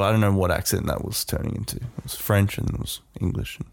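A man's voice: fairly low pitch, quick pace, gravelly, hardly any pauses. A man co-hosting a comedy podcast, playful and goofing around with bits. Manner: playful, hype-man energy. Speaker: podcast co-host. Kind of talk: casual comedy chat.

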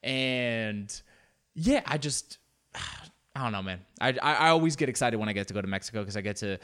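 A man's voice: mid-range voice, animated, fairly quick, a bit bright, smooth. Rambling, playful male storyteller. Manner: rambling, loose, full of fillers and restarts, playful asides. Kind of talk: storytelling comedy monologue.

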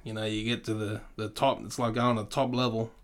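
A man's voice: fairly low pitch, flat delivery, a little fast. A man with an Australian accent, a podcast guest in casual chat, blunt and swearing freely. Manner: blunt, swears freely, keeps saying "mate".

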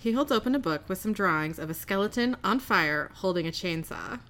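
A woman's voice: mid-range voice, expressive, brisk, a bit bright. A woman co-hosting a podcast, recapping an episode in casual chat and laughing often. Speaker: podcast co-host.

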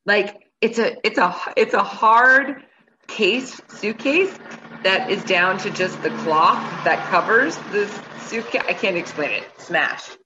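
A woman, a guest on a show, telling a travel story in a casual, animated way and acting out her own reactions. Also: mid-range voice, slow, dull audio, noisy background.

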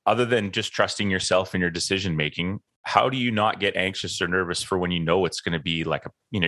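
A man hosting a basketball podcast in a relaxed, supportive way, asking long, rambling questions. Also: low voice, no echo. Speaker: podcast host. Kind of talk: conversational interview.

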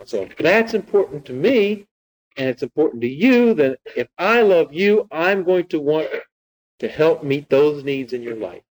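A man's voice: fairly high pitch, expressive, measured pace, poor audio. A man preaching as a pastor, retelling a scripture story and teaching with frequent rhetorical questions. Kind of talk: sermon.

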